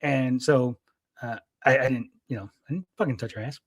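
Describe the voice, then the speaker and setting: A man's voice: mid-range voice, normal speed, dry recording, studio quality. A man hosting a livestream, telling a long story in a rambling, agitated way, with many fillers and constant "right?" checks. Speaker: livestream host.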